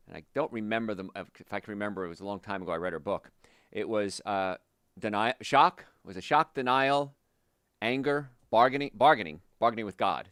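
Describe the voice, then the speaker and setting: A man's voice: fairly low pitch, fairly quick, clear, resonant tone, dry recording, clean studio sound. A man hosting a health show, giving an emphatic, motivational talk straight to his listeners. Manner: emphatic, animated, speaks directly to listeners.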